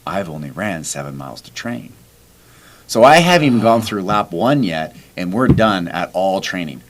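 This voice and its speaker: A man's voice: low voice, normal speed. A man hosting a podcast, telling a story in casual chat and acting out what people said. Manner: animated, acts out quoted dialogue. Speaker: podcast host.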